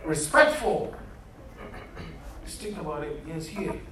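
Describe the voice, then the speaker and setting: Slow and lively in intonation, a man with a high-leaning voice earnestly quizzes a youth group during an interactive Bible study sermon, calling them "beloved." Recorded in an echoey room with chairs set out, the mic is far away and a faint hum is audible.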